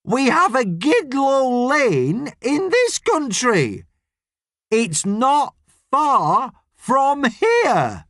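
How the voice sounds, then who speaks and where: A male narrator lifts his voice high to play a blunt old nan from an audiobook who shouts each word slowly and loudly, as if to someone who cannot understand. Her voice sits well above his usual register, and the sound is close and dry. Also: huge pitch swings, no echo, full character voice. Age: older. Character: loud blunt elderly British nan. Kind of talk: audiobook character voice.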